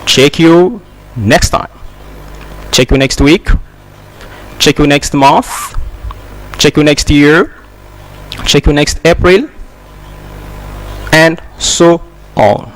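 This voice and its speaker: Male teacher, slightly high voice, slow and deliberate, repeats each phrase. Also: rough recording. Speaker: English teacher. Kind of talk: slow spoken English lesson.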